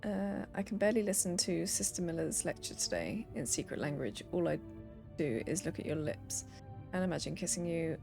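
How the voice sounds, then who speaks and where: A woman's voice: lowish voice, lively intonation, normal speed, gravelly, music in the background. A young woman streaming a game, reading letters and notes aloud with playful asides.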